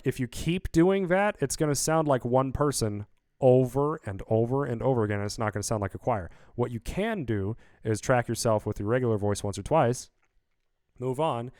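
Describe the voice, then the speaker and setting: Into a studio vocal mic, a man casually breaks down how he produced his song for a video, rambling upbeat with many fillers. His voice is mid-range and a little mellow, with no room sound.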